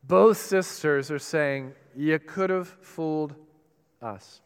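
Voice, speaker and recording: A man preaching a sermon with dramatic pauses and rising emphasis. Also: fairly high pitch, smooth. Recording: reverberant hall.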